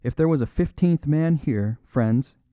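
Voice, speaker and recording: A man's voice: fairly high pitch, a little slow, no echo, narrow, tinny audio, pitched above the performer's own voice, natural voice. A man playing a stiff, commanding older military colonel who speaks in a raucous, harsh undertone and clipped orders.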